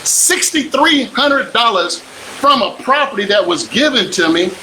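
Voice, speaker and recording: Emphatic older man, bright, high voice. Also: lively intonation, measured pace, a little hiss or hum, poor audio. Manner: preachy, emphatic, repeats lines for effect. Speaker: real estate investor and coach. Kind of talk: motivational live stream pitch.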